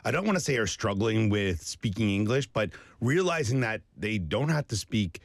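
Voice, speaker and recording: A man hosting a casual chat, asking questions and speaking in a measured, agreeable way. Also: lowish voice, sing-song, vocal fry, dry recording, studio quality.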